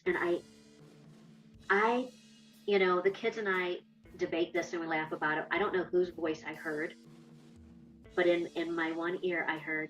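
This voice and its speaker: A woman's voice: lowish voice, moderate pace, a bit bright, highs cut off, soft background music. A woman candidly recounting her own experience in an interview, acting out the lines of past conversations. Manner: candid, reenacts dialogue. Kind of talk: personal testimony.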